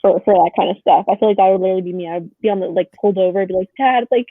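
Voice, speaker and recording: A woman's voice: fairly low pitch, flat delivery, husky, dry recording. A woman co-hosting a podcast in casual chat, rambling with lots of "like" fillers. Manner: rapid, rambling, heavy "like" filler. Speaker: podcast co-host. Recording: dry, tinny phone-like sound.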